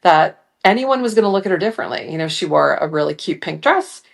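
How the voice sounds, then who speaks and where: A woman's voice: on the low side, animated, quick pace, gravelly. A middle-aged woman talking as an interview guest, reflective and earnest, with frequent "you know" fillers. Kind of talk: casual interview chat.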